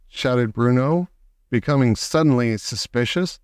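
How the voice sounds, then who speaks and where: A man reading a children's novel aloud with expressive, animated storytelling. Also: a little high, normal speed, smooth, no echo, clean studio sound. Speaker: audiobook narrator.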